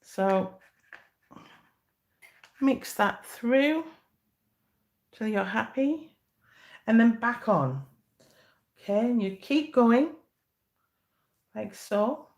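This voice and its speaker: A middle-aged woman talks viewers through a cake decorating demonstration. She takes her time, pausing and filling gaps with "um" as she works. Her manner stays chatty and reassuring. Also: fairly high pitch, lively intonation, a little mellow. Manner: chatty, encouraging, slow and patient with fillers. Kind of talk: live baking demonstration.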